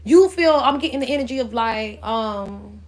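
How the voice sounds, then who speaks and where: A woman's voice: on the high side, expressive, normal speed. A woman giving a casual astrology reading in a blunt, profane, rambling way, as if channeling spirit messages. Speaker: spiritual reader.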